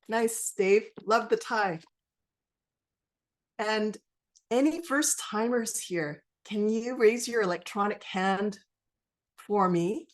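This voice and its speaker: A woman at a middle pitch talks slowly and casually, moderating a book reading over a video call. She is chatty and encouraging, dropping in casual fillers as she greets people.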